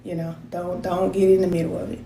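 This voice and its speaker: Reading viewer comments aloud, a forties-aged spiritual advisor chats casually and at length on her livestream. Her voice is fairly low, warm and creaky, level in tone and quick in pace. The audio is roomy, with faint noise.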